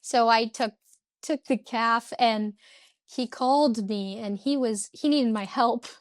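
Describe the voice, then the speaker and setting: A woman's voice: a little high, slow pace, no echo, studio quality. A young woman from Central Illinois, a cattle breeder and interview guest, chatting casually and laughing often as she tells stories. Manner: giggly storyteller, acts out quoted voices.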